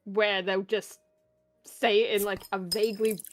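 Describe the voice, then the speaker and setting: A woman's voice: medium pitch, little pitch movement, measured pace, soft background music. A woman from Australia with a Western Australian accent, a guest on a casual chat stream who laughs while she explains.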